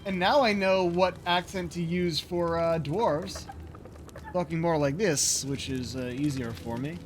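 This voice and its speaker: A man's voice: high-pitched, fairly bright tone. A man streaming a video game, musing and joking casually as he plays. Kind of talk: casual gaming commentary. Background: game music.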